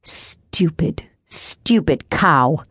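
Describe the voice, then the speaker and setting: A woman's voice: fairly low pitch, moderate pace, darkish tone, no room sound, clean studio sound, natural voice. A woman voicing a blunt, coarse older mother who scolds and grumbles in crude phrasing. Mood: scornful.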